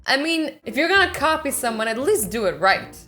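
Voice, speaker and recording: A woman's voice: high-pitched, very animated, brisk, pushed and bright, faint music behind. Sarcastic young woman YouTuber. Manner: sarcastic, joking. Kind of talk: reaction video commentary.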